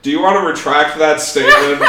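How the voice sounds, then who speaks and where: A man's voice: on the high side, reverberant, recorded from a distance, very noisy. A man hosting a casual podcast chat, playful and teasing, laughing often. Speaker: podcast host.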